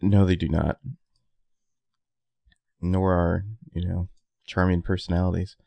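A man co-hosting a casual podcast, teasing his partner in a dry, deadpan, passive-aggressive way. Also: sits low, a little slow, gravelly, no echo. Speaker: podcast co-host.

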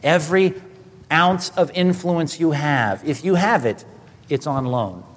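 A man preaching a sermon, building to emphatic, animated peaks. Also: on the high side, unhurried. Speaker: pastor. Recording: hall reverb.

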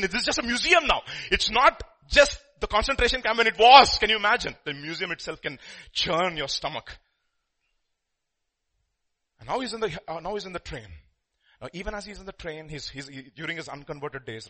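Husky bright-voiced guy preaching, storytelling, loud bursts then quiet. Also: a little high. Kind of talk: sermon.

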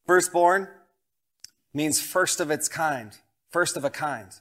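A man's voice: on the high side, slow pace, fairly bright tone. A man in his thirties, a pastor preaching a sermon, reading scripture aloud and telling family stories with rising emphasis. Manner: storytelling with family anecdotes.

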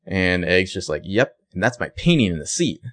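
A man's voice: low voice, big pitch swings, normal speed, fairly bright tone. A young man co-hosting a casual chat, retelling a TV episode by acting out the characters' lines. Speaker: podcast co-host recapping a TV show.

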